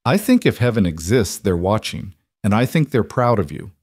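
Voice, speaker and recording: A man voicing a protective male rancher who has just become a father, with plain, steady, reassuring speech. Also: fairly low pitch, moderate pace, no echo.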